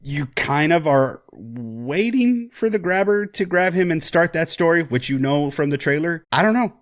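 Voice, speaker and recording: A man co-hosting a podcast, talking through a horror film in a rambling, animated way with jokes and swearing. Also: fairly high pitch, a little slow. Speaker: podcast co-host. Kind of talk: casual film discussion.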